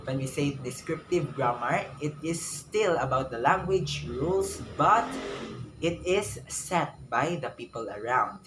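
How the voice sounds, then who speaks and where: A young man with a Filipino English accent, a student teacher explaining a grammar lesson slowly, often repeating himself for emphasis. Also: a little high. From Philippines. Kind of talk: classroom lecture. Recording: echoey room with noise behind.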